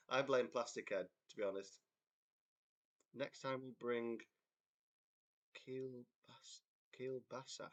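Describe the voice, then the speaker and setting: A young English man from a band, chatting casually on a livestream, telling a rambling story with frequent laughter and reading out viewer comments. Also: mid-range voice. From England. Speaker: band member hosting a livestream chat. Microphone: computer mic on a livestream.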